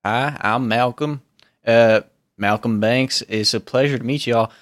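A sweaty, portly, nervous defector voiced by a man who rambles in a folksy Southern-style drawl, his pitch leaping up and down as he pleads. He sounds jittery and eager to please in a home-recorded tabletop podcast. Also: lively intonation, unhurried, fairly bright tone.

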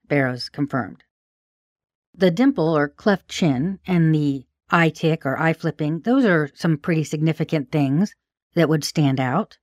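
Low-voiced woman narrating true crime. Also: no echo, clean studio sound. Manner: measured, analytical, sharing personal opinions. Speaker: podcast host and case researcher.

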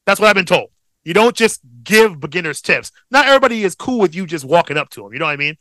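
A young man co-hosting a podcast, telling a long story in a profane, rambling, animated way. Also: high voice, fast talker, no echo. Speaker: podcast co-host. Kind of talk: casual storytelling chat.

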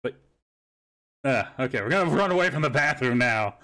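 A man's voice: medium pitch, expressive, a little fast, bright, forceful tone. A young man hosting a podcast, telling rambling stories in casual chat and swearing freely. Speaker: podcast host.

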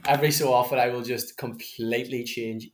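A man's voice: medium pitch, fairly even intonation, fairly quick, roomy sound, slight background noise. A man in his twenties trading blunt, sweary banter as a podcast co-host. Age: 20s. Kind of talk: casual chat.

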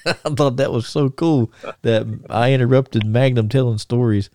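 A man's voice: medium pitch, measured pace, darkish tone, no echo, clean studio sound. A middle-aged man, co-hosting a podcast and telling rambling stories full of fillers and restarts. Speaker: podcast co-host. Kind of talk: casual storytelling.

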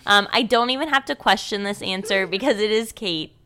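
A woman's voice: medium pitch, fairly quick, bright, forceful tone. A young woman co-hosting a podcast, chatting casually with lots of fillers and giggles. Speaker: podcast co-host. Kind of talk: casual chat.

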